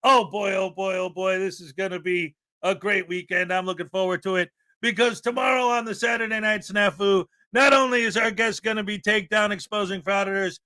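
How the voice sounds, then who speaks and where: A man from the American Midwest hosting a live stream in casual chat, boisterous and given to loud hype shouts and laughter. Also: high-pitched, steady tone, a little fast, hardly any pauses. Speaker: livestream host. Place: house in Florida.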